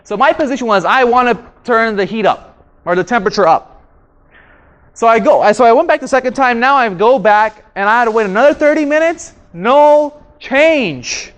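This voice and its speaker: A man's voice: extremely high pitch, lively intonation, moderate pace, a bit bright. A man leading a communication workshop, asking the room questions and repeating his key points. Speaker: communication trainer. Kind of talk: live workshop instruction. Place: training room with audience.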